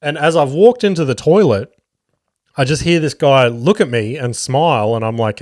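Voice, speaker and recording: A man's voice: medium pitch, expressive, normal speed, darkish tone, no room sound, clean studio sound. A man in his thirties with an Australian accent, chatting casually on his solo podcast, rambling with plenty of swearing and filler words. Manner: rambling, swears freely, lots of ums and likes. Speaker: podcast host and comedian.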